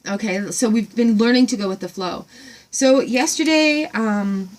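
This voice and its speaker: A woman talks straight to camera from home in a casual gratitude vlog. Her voice sits a little high, and she rambles in an excited way, full of ums and restarts. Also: a little slow. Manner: excited, rambling, filler-heavy. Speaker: vlogger.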